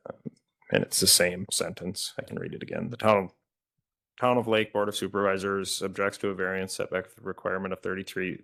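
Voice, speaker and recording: A man reads letters into the record at a public meeting. His voice is very low and gravelly, and his delivery stays flat and even, with small stumbles here and there. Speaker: committee staff reading correspondence. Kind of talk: reading letters aloud at a meeting.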